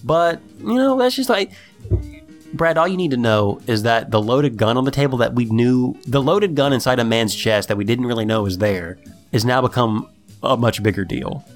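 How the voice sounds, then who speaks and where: A man with a lively, bouncing voice runs through a TV episode in casual podcast chat. He acts out the characters as he goes and pitches his voice way up for them. Faint music plays under him. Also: moderate pace. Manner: animated storytelling, acts out characters in high voices. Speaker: podcast host recapping a TV episode.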